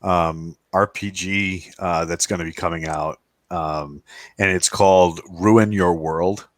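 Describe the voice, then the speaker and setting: A man with a very low voice chats casually as a co-host, wandering through anecdotes with plenty of restarts. The sound is close and dry, with no room around it. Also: steady tone, slow, dry recording. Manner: rambling storyteller, acts out quoted voices. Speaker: podcast co-host. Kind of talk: casual roundtable chat.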